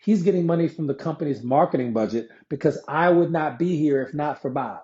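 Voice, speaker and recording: A man giving a conversational live-streamed sales pitch, repeating himself and answering viewer comments as he explains a pay plan. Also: brisk, warm tone. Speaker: network marketing presenter. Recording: dull lo-fi sound.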